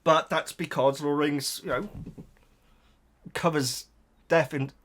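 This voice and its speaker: Rambling man, softly emotional. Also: on the high side, fairly even intonation, a little slow. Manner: rambling, hesitant, full of fillers and repeated words. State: emotional, near tears. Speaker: YouTube reaction host. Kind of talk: casual reaction chat to camera.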